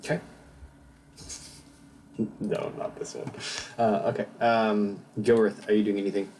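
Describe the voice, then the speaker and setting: Guy with a low voice running a d&d game, laid back, lots of ums. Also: unhurried, a little hiss or hum. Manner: relaxed, hesitant with fillers. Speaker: dungeon master. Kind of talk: narrating a tabletop game.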